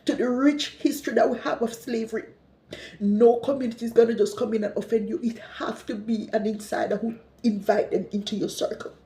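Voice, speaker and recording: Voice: mid-range voice, fairly even intonation, a little fast, dark tone. Ranting Jamaican speaker in an echoey room. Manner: ranting, repetitive, emphatic. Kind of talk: impassioned social media monologue.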